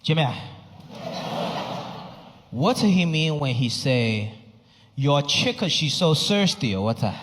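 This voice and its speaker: A man's voice: high voice, very animated, full character voice. A man doing a puzzled old dad. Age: older. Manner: halting broken English, hesitant. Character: confused old Chinese father, nodding along. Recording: echoey hall, faint noise.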